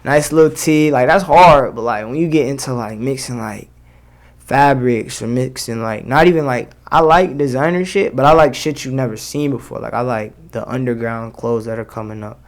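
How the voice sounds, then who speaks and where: A young adult man, a rapper appearing as a guest, talks casually in an interview with a mid-range voice at a moderate pace. His speech is slangy and loose, packed with fillers.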